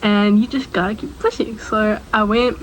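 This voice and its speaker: A woman's voice: mid-range voice, fairly even intonation, moderate pace, a little hiss or hum, rough recording. A young adult woman chatting casually to the camera, telling a personal story in a rambling way, with asides to the viewer. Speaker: storytime vlogger.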